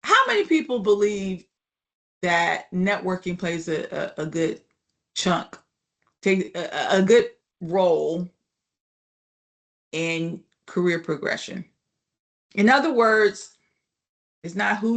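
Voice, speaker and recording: A woman's voice: fairly low pitch, expressive, takes it slowly, long pauses. A woman instructor giving a casual online class lecture, chatty and often asking the class "right?" and "you know".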